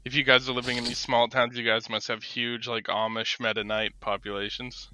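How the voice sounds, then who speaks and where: A male podcast co-host in casual chat, quick with joking asides. His mid-pitched voice has a bright, forward edge. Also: level tone, slight background noise, rough recording.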